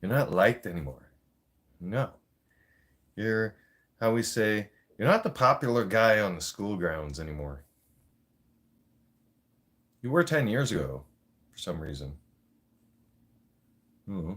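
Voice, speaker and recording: Blunt, swearing man ranting. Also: on the low side. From Canada. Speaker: livestream host. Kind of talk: profane casual rant.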